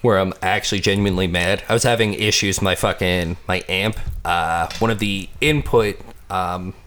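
A man's voice: sits low, normal speed. A man who plays in a band, a guest on a podcast, telling stories with lots of swearing and laughter. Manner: profane, laughing, animated storyteller. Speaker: guest musician. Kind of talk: casual chat.

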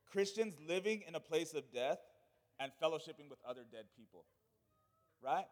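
High-voiced preaching pastor in a reverberant hall. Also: male voice, animated, moderate pace, pauses often. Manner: swings from loud preaching to hushed asides. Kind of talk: sermon. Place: church sanctuary. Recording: long church hall reverb.

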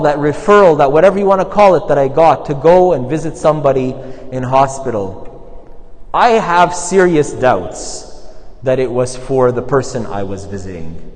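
A man, a priest, giving a relaxed, chatty sermon full of stories and asides. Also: on the high side, long reverb tail. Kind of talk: conversational sermon storytelling.

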